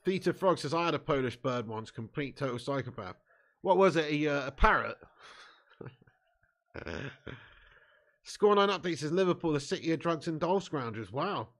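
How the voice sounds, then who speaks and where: A man with a slightly raised pitch hosts a live football watch-along stream. He reads viewers' chat comments aloud and answers them with easy banter. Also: lively intonation, normal speed, pauses often, a bit bright.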